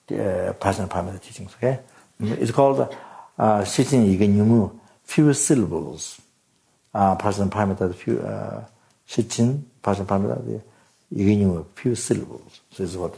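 Halting, gravelly-voiced man teaching Dharma. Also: lowish voice, darkish tone, rough recording. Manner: halting, many fillers and repeated words; often clears throat and coughs. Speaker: Buddhist teacher.

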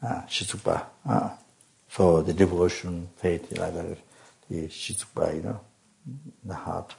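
A man giving a dharma talk as a Buddhist teacher, halting and full of fillers, often coughing and clearing his throat. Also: low-pitched, fairly even intonation, a little mellow. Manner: halting, many fillers and restarts.

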